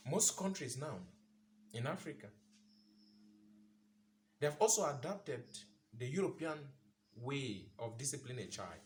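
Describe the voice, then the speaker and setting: A man's voice: mid-range voice, a little hiss or hum. A man giving an impassioned commentary monologue, asking rhetorical questions and repeating phrases for emphasis. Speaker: vlogger.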